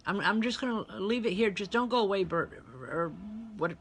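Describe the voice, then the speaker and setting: A woman medium giving a live online reading, chatty and direct with her viewers. Her voice is bright and forward. Faint noise sits behind her. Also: mid-range voice, normal speed. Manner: chatty, speaks straight to online viewers, relays spirit messages. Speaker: spiritual medium and reverend.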